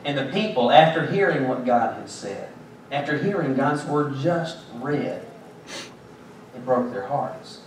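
This pastor's medium-pitched voice is animated and measured as he tells jokes and stories through a conversational sermon. The recording comes from a church sanctuary with heavy echo, a far-off microphone, and some background noise.

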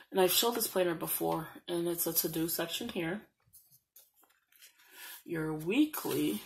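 A woman with a fairly low voice talks through a planner haul at an easy pace. She chats casually as she flips the pages and reads the printed slogans aloud. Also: slight background noise, low-quality recording. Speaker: planner vlogger. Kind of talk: casual show-and-tell.

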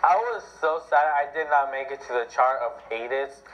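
A teenage boy who is sick, chatting loosely and excitably while playing a mobile strategy game. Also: medium pitch, normal speed. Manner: rambling, excitable, self-deprecating. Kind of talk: casual gameplay commentary. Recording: dull lo-fi audio with faint music.

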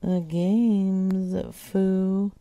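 A woman's voice: medium pitch, flat delivery, drawn-out words, very noisy. A woman hosting a live prank call show, talking loosely between calls, swearing and chatting to her cat. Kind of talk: casual livestream chat.

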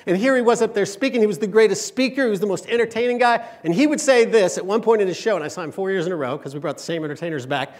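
A man in his late forties from Michigan giving a humorous, storytelling inspirational talk to a live church audience, building to loud emphatic peaks. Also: sits high, racing, few pauses. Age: 40s. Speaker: speaker at a church conference.

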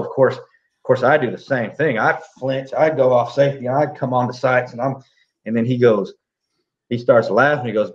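A man, a police officer, recounting a standoff in a plainspoken, halting, reflective way. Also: fairly low pitch. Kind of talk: interview storytelling. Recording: dull lo-fi audio.

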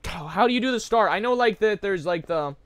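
A young man streaming a game, joking with chat and breaking into loud yelling bursts. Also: high voice, expressive, a little fast, clear, resonant tone, no echo. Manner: hyper, jokey, bursts of yelling. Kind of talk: live game streaming commentary.

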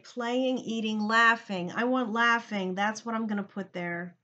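Bright-voiced teacher thinking aloud. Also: female voice, a little high, fairly even intonation, a little slow, dull audio. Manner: thinks aloud, talks directly to students. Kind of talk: recorded grammar lesson for students.

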